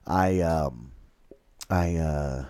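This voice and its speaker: A man hosting a livestream, telling a long, halting, rambling story with crude swearing. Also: a bass voice, darkish tone, no room sound, clean studio sound. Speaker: livestream host.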